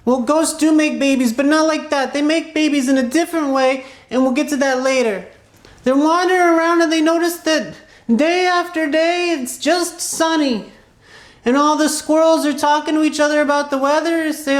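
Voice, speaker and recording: A woman's voice: high-pitched, normal speed, reverberant. A woman telling an improvised children's story in a clown persona, rambling and playful with asides.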